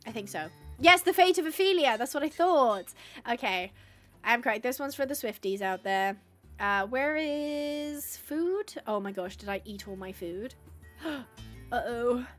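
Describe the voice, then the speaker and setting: Chatty high-voiced woman streamer. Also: a bit bright. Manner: chatty, reads out chat suggestions, coos at animals. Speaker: livestreamer playing a horse-rescue game. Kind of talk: casual live-stream chat.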